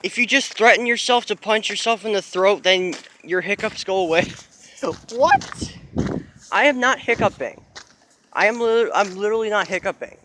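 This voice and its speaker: High-voiced young man vlogging outside in wind. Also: fairly quick, sharp tone. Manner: incredulous, exclaiming, laughing in disbelief. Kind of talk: casual vlog talk to camera. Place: outdoors while walking, windy. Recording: windy outdoor noise.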